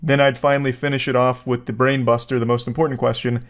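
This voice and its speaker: Man, commentary host, casual jokey rambling, mid-pitched voice. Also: flat delivery, fast, noisy background. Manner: jokey, rambling, mock-serious asides. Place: Florida home.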